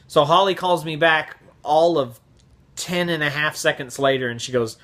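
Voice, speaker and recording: Bright, animated man telling a story. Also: medium pitch, normal speed. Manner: animated, profane, acts out the voices. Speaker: vlogger. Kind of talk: casual storytelling.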